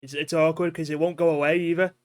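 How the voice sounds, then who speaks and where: A man in his sixties, co-hosting a comedy podcast, talks in casual banter with a dry, self-mocking manner and sometimes drops into a low mutter. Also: level tone, fast talker, no room sound. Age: 60s. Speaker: podcast co-host.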